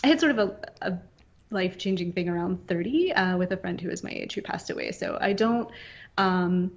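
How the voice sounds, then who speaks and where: A woman's voice: on the low side, brisk, highs cut off. Reflective woman in her late thirties. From northern Virginia. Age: late 30s. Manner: reflective, rambling with many fillers. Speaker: podcast co-host. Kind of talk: casual podcast chat.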